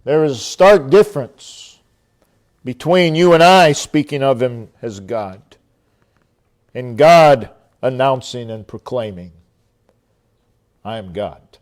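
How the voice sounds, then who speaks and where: Slow, emphatic male preacher. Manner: slow, emphatic preaching with long dramatic pauses; drops to a low, quiet voice when quoting God. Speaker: pastor. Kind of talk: sermon.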